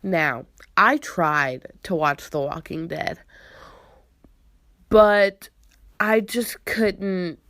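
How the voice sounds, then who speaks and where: A young woman hosting a casual podcast chat, sounding congested from a cold, with drawn-out, sarcastic, exasperated delivery. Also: lowish voice, fairly bright tone, no echo, clean studio sound. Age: young adult. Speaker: podcast host.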